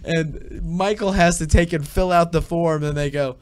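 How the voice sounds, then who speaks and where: A man co-hosting a casual podcast chat, retelling scenes in an animated way and acting out the lines of the people he quotes. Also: a little high, normal speed. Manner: animated storyteller, acts out quoted lines in shifting voices. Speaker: podcast co-host.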